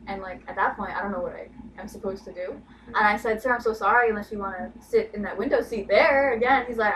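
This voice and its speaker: A woman's voice: a little high, fast. A young woman telling a work story in casual chat, full of "like" and "you know". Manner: chatty, lots of "like" and "you know". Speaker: podcast co-host. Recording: distant mic with clear background noise.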